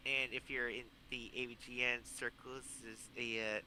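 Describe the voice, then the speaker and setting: A man co-hosting a casual podcast chat, rambling and excitable, swearing casually. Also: medium pitch, moderate pace, a little hiss or hum. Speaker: podcast co-host.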